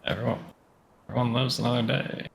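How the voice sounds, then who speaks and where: A man's voice: medium pitch, fast, creaky, slight background noise. A man chatting casually at a tabletop game, joking and teasing the table. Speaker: player.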